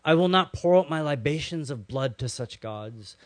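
Animated man preaching a sermon. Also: a little high, moderate pace, no echo. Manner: animated storytelling, acts out quotes, drops to soft hushed lines. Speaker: pastor.

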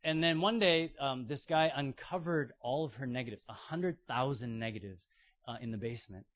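A man's voice: mid-range voice, moderate pace, a bit bright. A man preaching a sermon, retelling stories with playful acted-out voices. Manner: storytelling with playful acted-out quotes. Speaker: pastor.

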